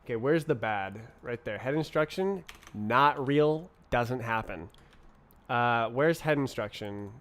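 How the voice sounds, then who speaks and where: A man's voice: mid-range voice, measured pace. A man streaming live while he programs, muttering to himself and tossing in playful nonsense words. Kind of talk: thinking aloud while programming.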